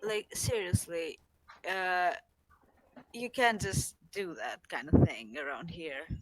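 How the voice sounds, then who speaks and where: A woman's voice: on the low side, lively intonation, takes it slowly, dry recording, rough recording. A woman voicing a stern female officer in a tabletop game, who scolds in a firm manner.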